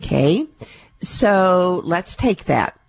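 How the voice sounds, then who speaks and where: Brief: woman radio host, low voice, affectionate and talkative, muffled broadcast audio. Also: very animated, drawn-out words, gravelly, a little hiss or hum. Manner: warm, chatty, calls callers sweetie and darling. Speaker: radio show host and intuitive reader. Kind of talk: call-in radio talk.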